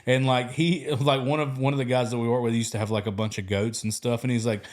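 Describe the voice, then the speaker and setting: A man's voice: mid-range voice, level tone, fast talker. Rambling man telling stories. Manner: rambling storyteller, laughs through his stories. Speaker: podcast host. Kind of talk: casual storytelling chat.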